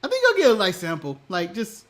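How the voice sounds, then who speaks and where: A man's voice: high-pitched, huge pitch swings, a little fast, fairly bright tone. An American man co-hosting a casual wrestling review chat, blunt and often laughing as he talks. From United States. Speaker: co-host.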